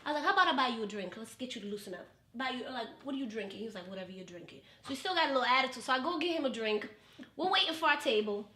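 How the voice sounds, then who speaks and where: Animated, profane woman telling a story. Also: high-pitched, racing, reverberant. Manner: profane, dramatic, acts out quotes. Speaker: podcast guest.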